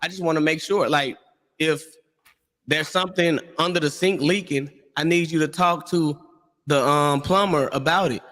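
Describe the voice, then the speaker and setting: A man on a discussion panel, talking in an animated way and acting out voices in his stories. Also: on the high side, moderate pace, in a large hall. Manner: animated storyteller, acts out quotes.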